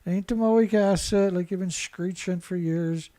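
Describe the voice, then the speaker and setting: Reading out news stories only to mock them, a Canadian environmental commentator launches into a profane, sarcastic rant. His high voice is dark in tone, with fairly even intonation and a normal speed.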